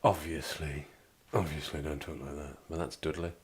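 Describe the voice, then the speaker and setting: A man's voice: extremely low pitch, level tone, normal speed. A man from the Black Country with a local accent, chatting casually and rambling on a livestream. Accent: Black Country English. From England, Black Country. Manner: rambling, chatty, repeats himself. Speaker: livestream host. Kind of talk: casual chat with live chat.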